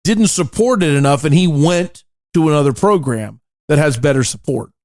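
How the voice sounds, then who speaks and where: A male sports podcast host whose voice sits a little high, talking in a loose, opinionated way. He reads listener emails with jokey asides. The sound is dry and close, with almost no room around it. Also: animated, moderate pace, a little mellow, dry recording. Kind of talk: casual sports talk, reading listener emails.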